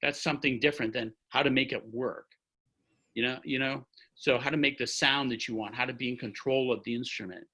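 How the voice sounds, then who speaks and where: A man's voice: medium pitch, fairly even intonation, fairly quick, pushed and bright, poor audio. A man in his sixties, a trumpet player, telling a long-winded, rambling story with lots of restarts on a video call from home. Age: 60s. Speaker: orchestra trumpet player, guest. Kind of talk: anecdotal storytelling in an interview. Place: at home by his music stand.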